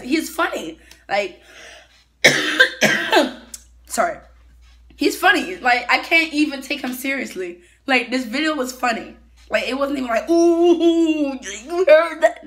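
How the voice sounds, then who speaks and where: A woman's voice: a little high, pushed and bright. A woman chatting casually as she reacts to a video, giggly and full of fillers.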